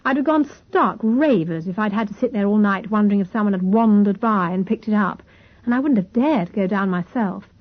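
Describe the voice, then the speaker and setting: A woman's voice: mid-range voice, a little fast, phone-quality sound, lightly acted. A woman doing a breezy, teasing young sister. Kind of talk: audiobook character voice.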